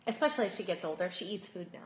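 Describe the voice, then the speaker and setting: A woman's voice: medium pitch, animated, racing, echoey room, poor audio. A woman co-hosting a podcast live, talking casually with lots of filler words. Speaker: podcast co-host. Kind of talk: casual live-stream chat.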